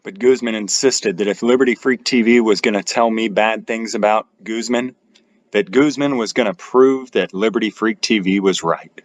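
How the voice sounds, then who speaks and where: A man with a fairly low voice reads a scripted voice-over over his own street footage. His delivery is measured and explanatory. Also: no room sound. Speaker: channel narrator.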